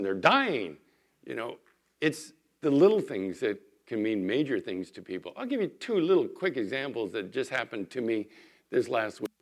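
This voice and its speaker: A man, a pastor, giving a sermon in church, telling everyday stories in a conversational way with lively emphasis. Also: mid-range voice. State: recovering from illness.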